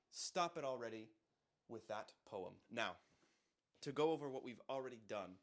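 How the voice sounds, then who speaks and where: A man's voice: mid-range voice, expressive, normal speed, pauses often, a bit bright. A man teaching a language lesson in a casual, conversational way, often repeating example phrases aloud. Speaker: Spanish teacher.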